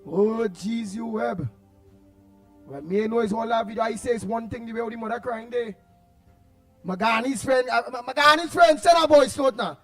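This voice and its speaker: A man with a Trinidadian accent hosting a casual call-in radio show, excitable and repeating his words as he reads out listener messages. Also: very high voice, normal speed, faint music behind.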